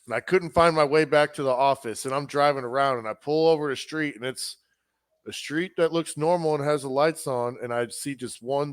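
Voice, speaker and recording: A man's voice: on the high side, no room sound. A man co-hosting a podcast who tells rambling, profane stories and acts out the dialogue in casual chat. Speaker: podcast co-host.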